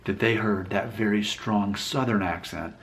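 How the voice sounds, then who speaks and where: A man's voice: lowish voice, unhurried, a bit bright, a little hiss or hum. A man from Alabama talking casually to camera, rambling and self-deprecating as he thinks aloud. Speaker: vlogger. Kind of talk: casual talking-head commentary.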